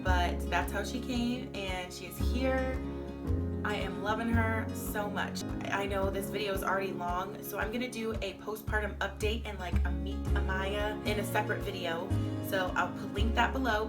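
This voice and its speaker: A young woman vlogger telling her story in a chatty, candid way, full of "like" fillers. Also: mid-range voice. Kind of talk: casual storytime vlog.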